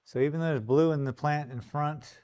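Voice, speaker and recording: A man's voice: on the high side, a little fast. A middle-aged man, chatting casually to his live-stream viewers while he paints in his gallery studio, talking half to himself as he works. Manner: relaxed, talks to himself while working.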